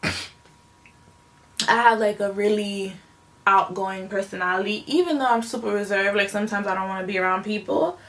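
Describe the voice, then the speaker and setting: A young woman with a gravelly, fry-tinged voice talks through a personal story for her vlog. She rambles and circles back with lots of fillers, and her feelings sit close to the surface. Her pitch stays in a middle range. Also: fairly even intonation, normal speed, pauses often, a bit bright. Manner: emotional, rambling with many fillers. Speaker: vlogger.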